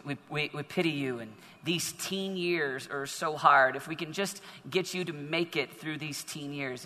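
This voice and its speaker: High-voiced preacher in an echoing hall. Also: male voice, bright, forceful tone. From northern United States. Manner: storytelling with frequent repetitions and restarts. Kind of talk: sermon.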